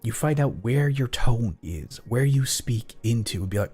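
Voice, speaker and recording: A man's voice: medium pitch, lively intonation, normal speed, few pauses, darkish tone, slightly rough, faint music behind. A man streaming, chatting casually in a rambling, profane way. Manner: rambling, profane, acts out both sides of imagined exchanges.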